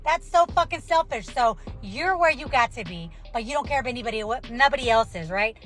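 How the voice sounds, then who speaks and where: A woman from the United States vents in a heated social media rant. Her voice sits high and she swears freely, sounding exasperated and throwing in "okay?" again and again. Soft music plays behind her. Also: lively intonation, fairly quick. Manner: profane, exasperated, repeats "okay?".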